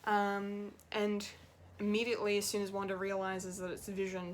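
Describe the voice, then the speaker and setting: A woman's voice: mid-range voice, completely flat delivery, normal speed, hardly any pauses, slight background noise. A woman giving an unscripted, rambling and emotional review of a TV episode, laughing often and swearing now and then. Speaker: pop culture reviewer.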